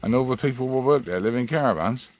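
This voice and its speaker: A man's voice: mid-range voice, lively intonation, fast, darkish tone, pitched above the performer's own voice, close to an everyday voice. A man voicing a matter-of-fact talking duck in a told joke, patient and dry. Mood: inquisitive.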